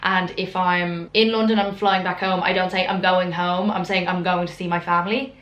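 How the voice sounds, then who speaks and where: A woman's voice: on the low side, level tone, normal speed, a bit bright. A young Irish woman in her twenties chatting casually and frankly to camera in a Q&A vlog, poking fun at herself. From Ireland. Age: 20s. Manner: chatty, frank, self-mocking. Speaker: vlogger. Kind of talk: casual Q&A chat. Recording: roomy echo.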